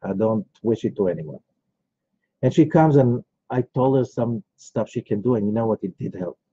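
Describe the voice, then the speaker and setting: A man's voice: on the low side, expressive, normal speed, mellow, breathy edge, no echo. A man, a rabbi, teaching a class in a conversational way, telling personal stories with many asides. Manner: conversational, rambling, with frequent asides. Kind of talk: informal lecture with storytelling. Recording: dull, lo-fi recording.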